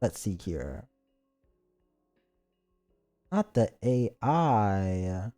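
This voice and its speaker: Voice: sits low, big pitch swings, very slow, mellow, faint music behind. A streamer reading a visual novel aloud on stream and joking with the chat in playful asides.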